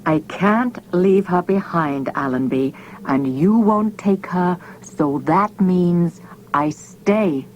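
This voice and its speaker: A woman voicing a desperate, lonely man who pleads and shouts, reading an audiobook. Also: lowish voice, takes it slowly, a little hiss or hum, rough recording.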